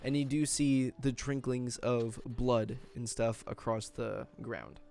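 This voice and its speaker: A man running a tabletop game as game master, narrating in a relaxed way full of fillers. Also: medium pitch, slow, vocal fry.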